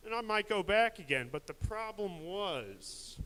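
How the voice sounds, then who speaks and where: Young guy doing a rough stand-up set at an open mic, crude and rambly, kinda high voice. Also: lively intonation, measured pace, sharp tone, poor audio. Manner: crude, rambling, self-mocking delivery. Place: live open mic venue.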